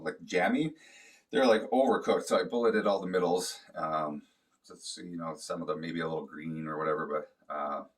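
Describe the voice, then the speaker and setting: Deep-voiced man telling a rambling story. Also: a bit bright, recorded from a distance. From Canada. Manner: rambling, profane, loose with fillers. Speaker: vlogger. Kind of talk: casual storytelling.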